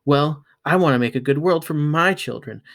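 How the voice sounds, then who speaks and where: Man doing a shrill, bossy ten-year-old girl, high and insistent. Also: moderate pace, fairly bright tone. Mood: defiant.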